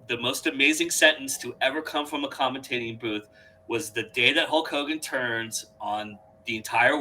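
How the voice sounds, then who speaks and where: A man in casual conversation, excitedly telling stories and often repeating words as he goes. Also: mid-range voice, slight background noise, poor audio. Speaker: podcast co-host or guest. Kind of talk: casual chat.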